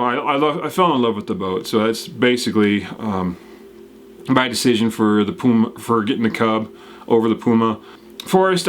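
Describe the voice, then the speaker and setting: A man's voice: mid-range voice, fairly bright tone. A man hosting a casual question-and-answer video, rambling and friendly, with plenty of fillers and restarts as he answers viewers. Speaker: whitewater kayaking channel host. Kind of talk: casual Q&A, reading viewer comments.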